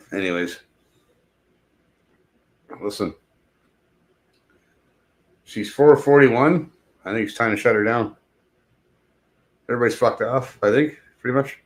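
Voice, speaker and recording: A middle-aged man talks casually to his live-stream chat. His voice sits at a middle pitch, and his talk wanders from one joke to the next, with plenty of profanity. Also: a bit bright. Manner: rambling, profane, jokey.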